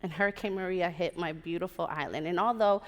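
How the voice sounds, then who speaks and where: A woman in her thirties telling a personal story live on stage, animated and acting out the voices of the people in it. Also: on the low side, brisk. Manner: lively, animated, acts out quoted voices. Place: large theater stage. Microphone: stage microphone. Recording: long theater reverb. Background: live audience.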